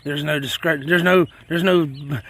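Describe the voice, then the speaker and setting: A man's voice: a little high, steady tone, measured pace, fairly bright tone. A man hosting a homesteading channel, chatting casually and folksily outdoors on a farm near his chickens. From South Carolina. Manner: folksy and chatty, says y'all a lot. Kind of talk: casual rambling chat.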